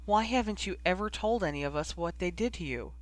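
A man's voice: sits high, animated, a little fast, no echo. A man voicing a determined young witch who pleads through tears. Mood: pleading.

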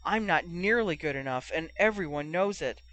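A man's voice: fairly high pitch, animated, normal speed, pushed and bright, poor audio. A reader voicing a timid, slender young man who speaks frightened and pleading in a storybook reading. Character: timid slender young male reserve player.

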